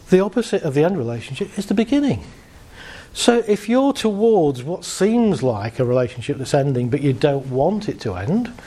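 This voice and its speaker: A man giving a humorous, animated talk to a live audience, shifting his pace and voice for effect. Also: high-pitched. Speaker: speaker.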